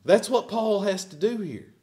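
Man preaching with lively pitch. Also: moderate pace. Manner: emphatic, rising and falling preaching with bursts of volume. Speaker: pastor. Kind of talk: sermon. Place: church sanctuary.

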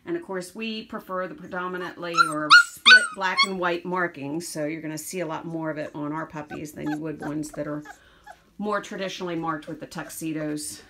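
A woman's voice: deep voice, big pitch swings, normal speed. A woman dog breeder chatting casually while showing her puppies, slipping into baby talk with them. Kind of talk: casual vlog narration. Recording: background noise.

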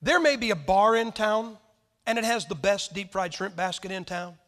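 A man's voice: high-pitched, normal speed, a bit bright. A man in his sixties preaching a folksy sermon, joking and firing rhetorical questions at the congregation. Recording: long hall reverb.

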